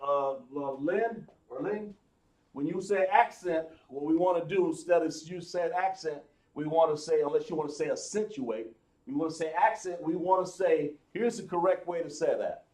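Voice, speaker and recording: A man's voice: on the high side, moderate pace, a little mellow. Man, class teacher, repetitive explaining, restarts, echoey room. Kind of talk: live online class lesson.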